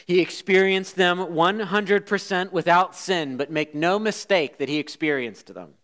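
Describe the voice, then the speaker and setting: A man preaching a sermon as a pastor, swinging between loud emphasis and hushed asides. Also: high voice, a little slow.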